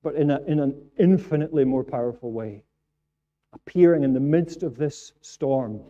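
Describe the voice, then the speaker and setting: A man's voice: a little high, normal speed, dull audio. A man preaching a sermon in church, earnest and repeating phrases for emphasis. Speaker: pastor.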